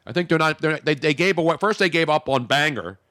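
A man's voice: a little high, quick pace, pushed and bright, no room sound, clean studio sound. A man hosting a radio talk show, from the Philadelphia area, rambling and joking as he talks. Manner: rambling, joking, self-interrupting. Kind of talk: casual radio banter.

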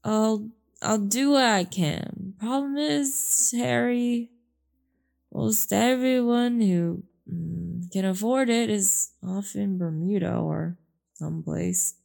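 A woman's voice: medium pitch, slow pace, vocal fry, a little mellow. A woman voicing a nervous, chatty male carnival showman who stammers and talks eagerly, reading a book aloud.

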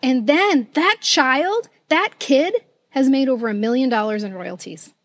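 A woman's voice: sits high, unhurried, dry recording. A woman co-hosting a podcast, telling stories in casual chat with frequent laughter. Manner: chatty, animated storytelling, laughs often. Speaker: podcast co-host.

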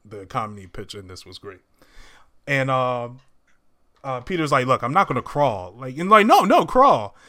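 A man's voice: mid-range voice, normal speed, long pauses, pushed and bright. A man casually retelling a movie scene by scene to friends, acting out the characters' lines. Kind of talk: casual movie recap chat.

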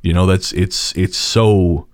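A man's voice: low-pitched, steady tone, slow, no echo, studio quality. A man interviewing a fellow podcaster, speaking earnestly with many restarts. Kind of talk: casual interview chat.

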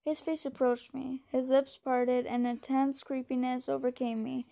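A woman reading a novel aloud in a steady, measured way, now and then stumbling over a word. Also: high-pitched, creaky. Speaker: reader.

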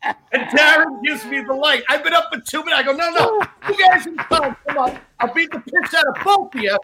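A male comedian with a very high, bright, sharp voice tells brash, profane stories among fellow comics. A faint hiss of noise sits under the recording. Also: fairly quick, low-quality recording. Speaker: stand-up comedian. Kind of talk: casual storytelling among comics.

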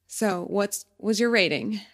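A woman's voice: mid-range voice, measured pace. A woman in her thirties co-hosting a podcast in casual chat, giggly and chatty, trailing off with fillers. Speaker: podcast co-host.

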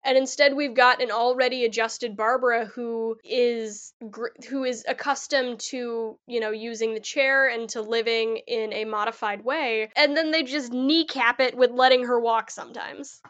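A woman's voice: fairly high pitch, steady tone, moderate pace, few pauses, fairly bright tone, lo-fi sound. A woman co-hosting a podcast in casual chat, candid and ranting, often laughing. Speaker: podcast co-host.

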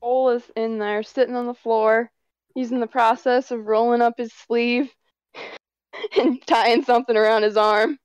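Brief: tabletop player, smooth blunt weary voice, dull lo-fi recording. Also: female voice, fairly high pitch, steady tone, unhurried, no room sound. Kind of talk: in-character tabletop play.

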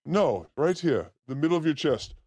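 Gravelly, crude joking livestream host. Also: male voice, fairly high pitch, very animated, normal speed, darkish tone, dry recording. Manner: crude, joking, slips into put-on accents. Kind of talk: loose comedic livestream chat.

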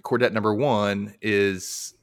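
A man's voice: fairly low pitch, steady tone, slow. A man hosting a podcast, casually recapping a TV episode and acting out quotes in playful voices. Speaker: podcast host.

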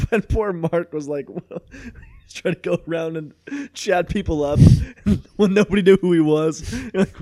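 A man's voice: a little high, measured pace, warm tone, no room sound. A young man from Mexico hosting a podcast, telling a story in casual chat. He talks animatedly, laughs often and swears freely. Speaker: podcast host.

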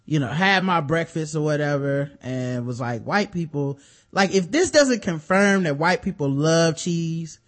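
A man's voice: fairly high pitch, unhurried. A man co-hosting a podcast, chatting casually and cracking opinionated jokes. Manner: animated and opinionated, jokey. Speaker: podcast co-host. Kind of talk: casual chat.

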